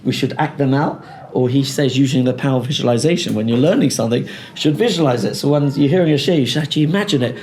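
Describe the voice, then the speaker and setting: A male rabbi who leads a seminar, talks in a lively, joking way and brings the audience in. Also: medium pitch, quick pace, slight background noise. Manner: animated, joking, talking to the audience. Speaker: rabbi leading a parenting seminar. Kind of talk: lively seminar talk with role-play. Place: lecture hall.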